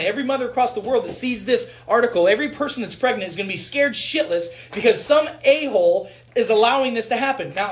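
In a mid-range, slightly bright voice, a physician rants at viewers about news articles, fired up and emphatic. The commentary is profane and repetitive, hammering each point while speaking directly to the audience.

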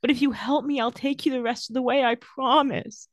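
A woman's voice: sits high, steady tone, a little fast, no echo, voice pushed up, natural voice. A woman voicing a desperate, grieving middle-aged man who pleads earnestly. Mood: pleading.

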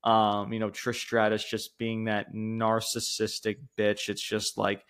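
A man co-hosting a casual wrestling podcast, rambling and swearing, laughing often and pushing his voice up high when he gets worked up. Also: completely flat delivery, measured pace, fairly bright tone, clean tone. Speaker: podcast co-host.

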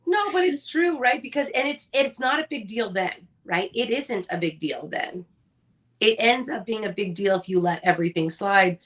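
A woman's voice: medium pitch, expressive, normal speed, a bit bright. A woman in her thirties, a mother of four, talking candidly and with animation in a casual chat, swearing now and then. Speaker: podcast co-host.

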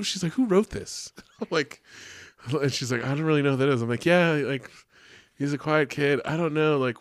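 A young man, a teacher, telling a story in casual chat, animated and profane, full of "like", acting out the quotes. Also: on the high side, dry recording, studio quality. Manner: animated and profane, heavy use of "like", acts out quotes.

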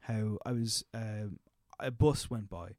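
A man's voice: lowish voice, slow pace, darkish tone, dry recording, studio quality. A man in casual conversation, rambling through his thoughts with lots of fillers and swearing. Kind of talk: casual chat.

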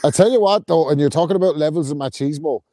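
A man's voice: on the high side, quick pace, warm tone. A man co-hosting a casual podcast, telling sweary stories through laughter. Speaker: podcast co-host.

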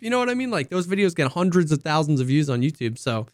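A man co-hosting a gaming podcast, talking in a loose, animated, casual way, saying "dude" and "you know what I mean" often. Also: fairly high pitch, rapid-fire, hardly any pauses, no room sound, clean studio sound. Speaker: podcast co-host.

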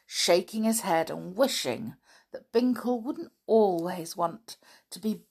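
A woman reading a children's story aloud, gentle and expressive. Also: on the low side.

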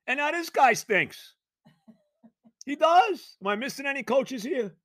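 A man with a high, bright voice rants through a sports talk monologue, exasperated and sarcastic. He fires off one rhetorical question after another. The sound is dry and close. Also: expressive, moderate pace, no room sound. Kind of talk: ranting sports commentary monologue.

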